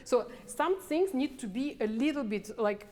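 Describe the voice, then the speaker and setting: A woman's voice: high-pitched, animated, darkish tone. Woman coaching piano. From Sweden. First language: Swedish. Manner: halting, restarting, sings phrases on syllables. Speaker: piano professor. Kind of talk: masterclass coaching. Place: large hall with a piano. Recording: reverberant hall with piano playing.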